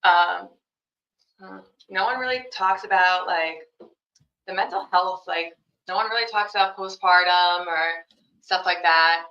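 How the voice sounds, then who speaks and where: A young mother appears as a podcast guest, answering interview questions in a casual, rambling way packed with fillers like "you know" and "like." Her voice is on the low side, bright and forceful, and she speaks a little slowly. The recording has a roomy, dull lo-fi sound.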